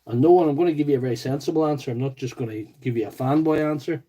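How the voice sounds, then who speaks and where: On a rough recording, a County Tyrone man speaks at a racing pace in a warm, mid-range voice with a Northern Irish accent. He's working through a tool repair livestream, cracking jokes, going off on chatty tangents, and replying to viewer comments.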